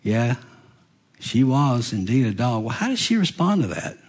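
A man preaching a sermon, swinging dramatically between hushed, quiet passages and loud, raised ones. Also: medium pitch, sing-song, moderate pace, husky.

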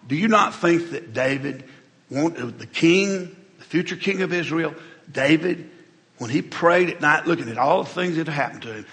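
A man's voice: fairly high pitch, fairly bright tone. A middle-aged man, preaching a conversational, folksy sermon as pastor, often repeating words as he goes. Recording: hall reverb.

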